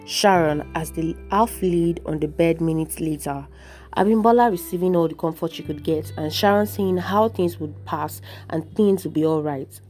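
A woman narrates a dramatic story in an expressive, measured reading. Her voice is low and mellow. Soft instrumental music plays faintly under it.

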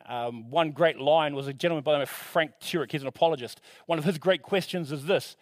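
Male preacher, high voice, dry close mic, lively and chatty delivery with asides. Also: a little fast, few pauses, no room sound. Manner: animated, shifting pitch and loudness for emphasis; conversational, self-correcting with asides. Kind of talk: sermon.

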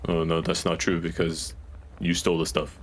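A man's voice: deep voice, completely flat delivery, moderate pace. A man playing in a tabletop game, speaking in a matter-of-fact way. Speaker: player. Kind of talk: casual tabletop game chat.

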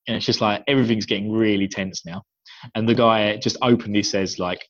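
A man's voice: fairly low pitch, fairly even intonation, brisk, dry recording, dull audio. An English man co-hosting a podcast, chatting casually through a book recap, laughing often and slipping into voices for the scenes. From England. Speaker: podcast co-host.

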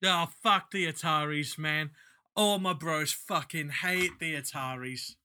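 A male podcast host chats casually about music. His voice is very bright and forceful, sitting a little high. He is blunt and enthusiastic, swearing freely. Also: unhurried, a little hiss or hum. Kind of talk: casual chat.

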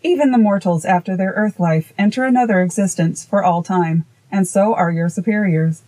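A woman reading voicing an ancient, wise male master of the forest, grave and deliberate. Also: medium pitch, warm tone, natural voice, poor audio. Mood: stern.

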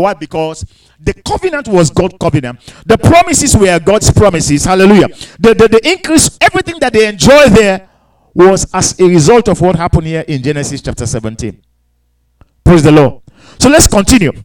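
A man's voice: sits high, sing-song, moderate pace, poor audio. A man preaching a sermon, reading scripture aloud and breaking in with hallelujahs and questions to the congregation. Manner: asks the congregation questions, repeats phrases. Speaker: pastor.

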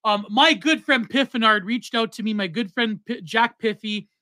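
A man in his thirties co-hosting a casual podcast, reading out donations with loud, excitable exclamations. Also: sits high, normal speed, no echo. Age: 30s. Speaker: podcast co-host.

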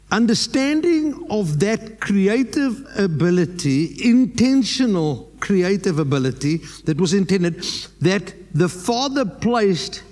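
A South African man preaches at a slow, deliberate pace, pressing each point home. His voice sits high. It rings out with the long reverb of a church hall. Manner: emphatic preaching, slips in Afrikaans words. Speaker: pastor. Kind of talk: sermon.

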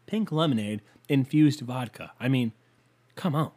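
A man's voice: mid-range voice, unhurried, dark tone. A man hosting a podcast, ranting casually in a heated, sarcastic, profane way and rambling through stories with lots of filler words. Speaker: podcast host.

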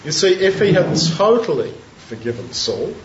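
Guy giving a chatty bible sermon, kinda high voice, echoey muffled recording, lots of rhetorical questions. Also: big pitch swings, normal speed, a little hiss or hum. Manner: conversational, asks many rhetorical questions. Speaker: preacher. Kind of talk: expository sermon. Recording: echoey, dull sound.

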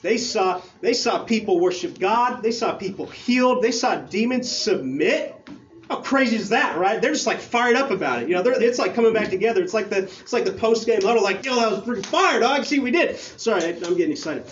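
A man preaching a casual, excited sermon, talking with slang and restarting his phrases as he reads scripture. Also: high voice, brisk, muffled recording.

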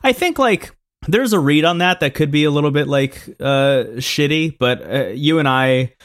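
A man's voice: fairly high pitch, expressive, moderate pace, a bit bright, no echo, studio quality. Laid-back man recapping a show. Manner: filler-heavy, laid-back, recaps with quoted voices. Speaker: podcast co-host. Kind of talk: casual chat, recapping a show.

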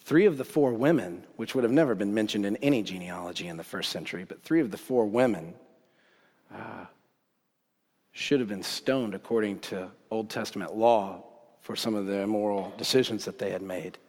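A man preaching a sermon as pastor, telling the story in a casual, animated way with bursts of excitement. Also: on the low side, normal speed. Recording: long hall reverb.

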